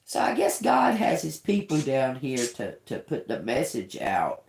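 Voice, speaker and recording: Profane, animated woman in an echoey room. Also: extremely low pitch, a little slow. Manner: blunt, profane, animated storytelling. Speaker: tarot reader livestream host. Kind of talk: casual livestream talk.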